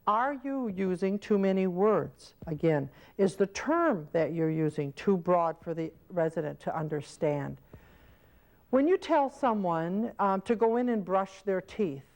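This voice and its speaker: A woman with a somewhat low voice delivers an instructional lesson for caregivers. She explains patiently, step by step, and now and then acts out little example scenes. The sound comes from an old VHS training tape. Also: lively intonation, unhurried, darkish tone. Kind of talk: instructional video lecture.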